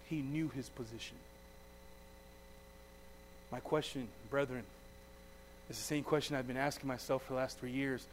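A man preaching a sermon, reading scripture with some stumbles and then asking his listeners direct questions, his voice swinging from loud to very quiet. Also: medium pitch, steady tone, unhurried, long pauses, slight background noise.

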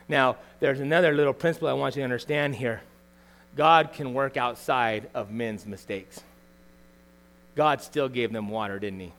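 A middle-aged pastor with a slightly high voice delivers a conversational sermon packed with rhetorical tag questions. He swings from loud emphasis to quiet asides.

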